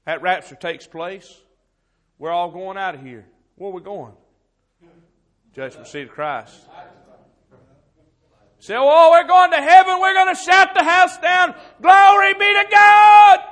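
A preacher man delivers a fiery sermon, his voice sitting a little high. He rises to loud, urgent exhortation, then drops to hushed, grieving storytelling. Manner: impassioned, swings from shouting to hushed storytelling.

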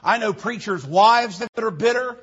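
A man's voice: high voice, normal speed, a bit bright, breathy edge, dull audio. A man preaching a sermon, rambling into stories and repeating his phrases for emphasis.

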